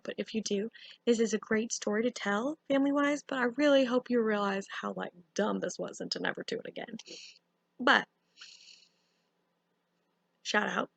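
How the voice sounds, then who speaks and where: A young woman telling a casual storytime, animated and full of fillers. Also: mid-range voice, gravelly, no room sound. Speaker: vlogger.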